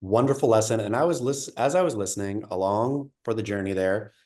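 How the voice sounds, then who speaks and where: A man co-hosting a casual podcast chat, speculating out loud in an animated, emphatic way. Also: fairly low pitch, brisk. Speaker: podcast co-host.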